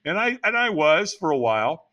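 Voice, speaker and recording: A man's voice: fairly high pitch, big pitch swings, normal speed, pushed and bright, dull audio. A man in his sixties telling his life story as a podcast guest, frank and blunt with casual swearing. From United States. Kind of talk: candid personal storytelling.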